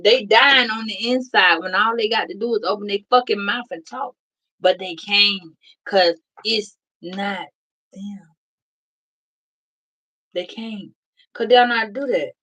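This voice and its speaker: A woman's voice: medium pitch, unhurried, long pauses, sharp tone, low-quality recording. Blunt, profane woman doing a tarot reading. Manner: blunt, profane, emphatic, addresses viewers directly. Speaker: tarot reader. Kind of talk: casual tarot reading to viewers.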